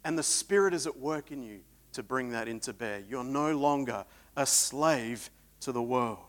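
A man preaching a sermon, swinging between loud emphatic peaks and quiet reflective stretches. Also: medium pitch, moderate pace.

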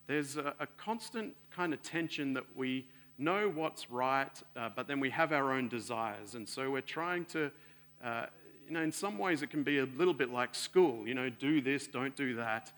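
Man, sermon, earnest preacher, bright tone, swings from loud to hushed. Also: moderate pace. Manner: earnest, rising loud then dropping soft and low.

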